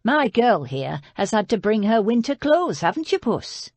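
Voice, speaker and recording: A woman's voice: mid-range voice, very animated, moderate pace, darkish tone, no echo, voice pushed up. A woman voicing a blunt, hearty middle-aged businessman with a Northern English accent, in an audiobook. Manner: plainspoken and hearty.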